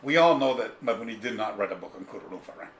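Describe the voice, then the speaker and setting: A man's voice: lowish voice, fast. A man as an interview guest, telling a long anecdote casually and digressively, with a lot of animation. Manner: animated, digressive, mimics people in his stories. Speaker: interview guest, karate author. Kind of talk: casual storytelling. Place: a room in his home. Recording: echoey room with faint ambience.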